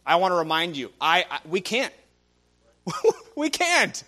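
A man's voice: sits high, very animated, measured pace, bright, forceful tone. A young man preaching a sermon, telling stories animatedly and acting out the people he quotes. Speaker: guest preacher.

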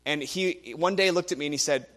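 A man's voice: fairly high pitch, fairly quick, a bit bright. A young man preaching a sermon, telling stories animatedly and acting out the people he quotes. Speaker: guest preacher.

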